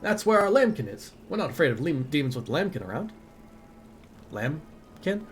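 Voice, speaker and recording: A man's voice: a little high, sing-song, moderate pace. A man voicing a proud, fussy old female dwarf who directs a theater company, speaking with theatrical dignity. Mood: grand, dignified.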